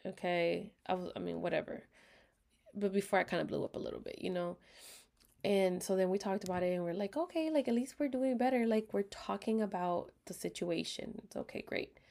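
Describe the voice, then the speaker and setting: Woman, casual storytime chat, gravelly, expressive, frequent half-whispers, dry throat. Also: mid-range voice, a little fast. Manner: candid, expressive, lots of swearing and slang; talks in bursts, often drops to a half-whisper. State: dry throat, clears it often. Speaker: vlogger.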